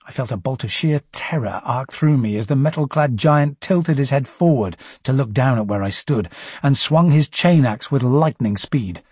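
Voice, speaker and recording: Husky male narrator with a wry tone. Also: mid-range voice, normal speed, a little mellow, dry recording. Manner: wry, dry understatement. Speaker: audiobook narrator. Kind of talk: first-person storybook narration.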